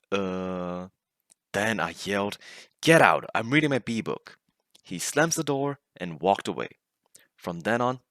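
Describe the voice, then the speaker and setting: A man's voice: lowish voice, a bit bright, no echo, clean studio sound. A man casually narrating funny stories and often laughing as he reads. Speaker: storyteller reading online stories.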